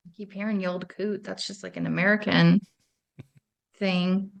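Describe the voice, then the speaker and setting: A woman who is a guest on a podcast quiz. She hesitates and talks herself through each guess at an ordinary, mid pitch. Her delivery stays casual and unhurried. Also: level tone, gravelly. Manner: hesitant, thinks out loud.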